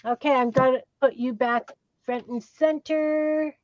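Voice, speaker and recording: A middle-aged woman hosting an art live stream, chatting in an easygoing way and thinking out loud. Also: high voice, steady tone, unhurried, dry recording. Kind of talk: casual chat. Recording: dull, dry online stream audio.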